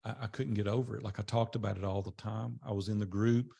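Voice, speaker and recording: Talking fast with a steady tone, an older man shares his life story with a small group. His gravelly, mellow, husky voice stays conversational, and he performs quoted dialogue with a rise in pitch, giving voice to those he quotes.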